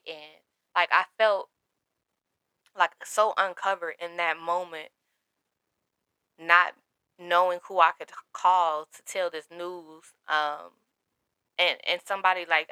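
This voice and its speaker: A woman's voice: lowish voice, fairly even intonation, measured pace, pauses often, bright, forceful tone, clean tone, no echo. Candid young woman telling a personal story. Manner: candid, emotional, quotes others in her own voice.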